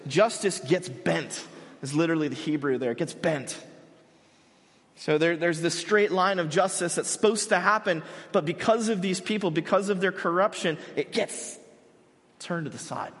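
A young male pastor delivers an earnest sermon in a slightly high, somewhat bright voice. He speaks in halting bursts, often restarting phrases, while a large church hall gives his voice a long reverb.

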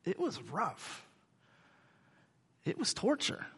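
A male pastor giving a conversational sermon, halting with frequent restarts. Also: high-pitched, huge pitch swings, a bit bright, slightly rough, big-room sound.

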